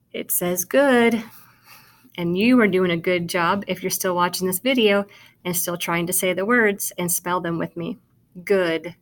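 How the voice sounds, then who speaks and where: A woman teaching kindergarten sight words, sounding out and spelling each word for young children and praising them as she goes. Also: fairly low pitch. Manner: encouraging, talks directly to the child watching. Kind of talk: slow, patient phonics lesson for young children.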